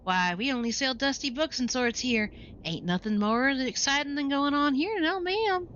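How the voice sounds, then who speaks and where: A folksy old cowboy with a slow, drawling way of talking and a wistful streak, as a woman puts him on. The voice rides high and bright. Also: highs cut off, a little hiss or hum.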